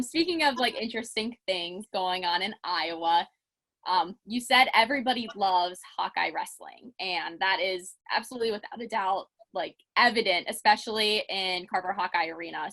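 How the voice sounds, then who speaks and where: A woman's voice: mid-range voice, a bit bright. A young woman with a Pittsburgh accent hosting a casual interview, bubbly and chatty with lots of "like". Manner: chatty, bubbly, laughs often, peppered with "like". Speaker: interview host.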